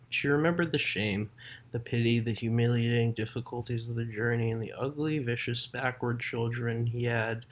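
A man reading a literary short story aloud in a measured, unhurried way, now and then correcting himself mid-sentence. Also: medium pitch. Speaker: narrator.

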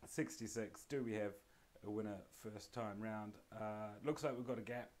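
Man, croaky voice, fairly low pitch, live stream host, friendly. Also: steady tone, normal speed, darkish tone. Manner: friendly, greets viewers by name. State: croaky voice from laryngitis. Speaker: host of a live prize draw. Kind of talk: live stream prize draw.

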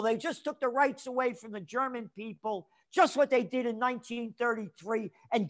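A man speaking as a guest trend forecaster in an interview, ranting angrily and profanely and breaking into shouts. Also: very high-pitched, normal speed, hardly any pauses. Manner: angry, profane, shouts in bursts. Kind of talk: heated interview rant.

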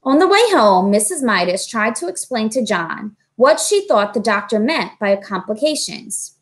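A woman reading a children's book aloud in a measured, expressive storytelling manner. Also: fairly high pitch. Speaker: reader.

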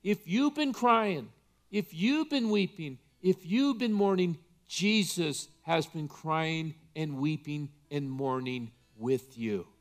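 A man's voice: on the high side, slow pace. A male pastor delivering an impassioned, emphatic sermon in church.

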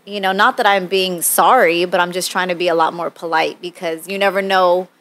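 A woman co-hosting a podcast, speaking softly and reflectively in a casual chat. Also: fairly low pitch, fairly even intonation, a little fast.

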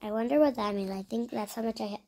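A female gaming video host giving casual commentary on her gameplay, chatty and playful, repeating words in little chants and often dropping into a soft near-whisper. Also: on the high side, fast talker, gravelly.

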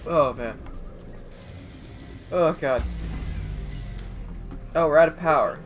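A man giving chatty let's play commentary, talking to himself as he plays, with quick exclamations and bursts of laughter. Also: fairly high pitch, soft background music. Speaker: gaming streamer.

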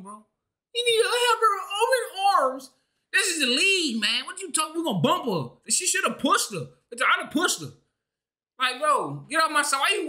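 A young man streams a reaction to a sports clip, ranting in loose slang with plenty of exasperation. His voice is bright and lively, rising and falling widely. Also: extremely high pitch. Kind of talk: casual reaction commentary.

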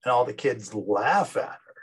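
A man's voice: mid-range voice, animated, measured pace, husky, rough recording. A man in his fifties, a psychology teacher, giving a conversational recorded lecture and acting out everyday examples. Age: 50s.

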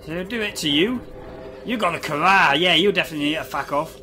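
A man commentating a video game, excitable and sweary, often laughing. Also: a little high, quick pace, slight background noise. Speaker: gamer. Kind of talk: let's play commentary. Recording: game music behind the voice.

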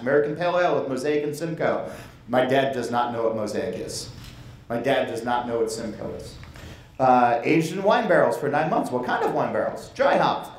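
A male presenter speaks to a conference audience in a mid-pitched voice. He talks bluntly and conversationally, hammering his points with emphasis. The sound is echoey, as in a conference room. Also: darkish tone. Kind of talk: conference talk.

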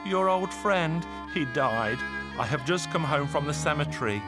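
Man doing an old wife faking sorrow, high and mournful, fiddle music behind. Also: expressive, normal speed, lightly acted. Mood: mock-sad. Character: poor old woman, wife feigning grief.

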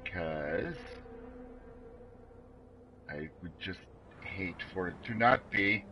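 A man's voice: deep voice, lively intonation, takes it slowly, sharp tone, slight background noise, rough recording. A man streaming a game, rambling and self-deprecating, exclaiming at what happens on screen. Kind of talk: casual gameplay commentary.

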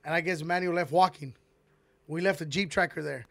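A man hosting a podcast, telling a long story in a rambling, animated way and swearing heavily, on a close mic. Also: a little high, fairly quick, vocal fry, no echo. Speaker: podcast host. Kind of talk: casual storytelling.

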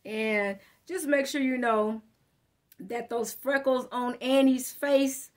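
High-voiced blunt profane woman tarot reader. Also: steady tone, takes it slowly. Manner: emphatic, addresses listener directly. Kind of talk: casual tarot reading monologue.

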